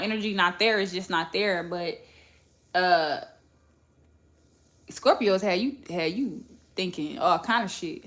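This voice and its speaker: Blunt, profane woman with a bright voice. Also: a little high. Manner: blunt, profane, animated storytelling. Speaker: podcast host. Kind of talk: casual candid chat.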